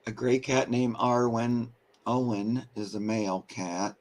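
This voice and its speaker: A man co-hosting a casual live stream, relaxed, reading out viewer comments. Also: medium pitch, measured pace. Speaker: co-host.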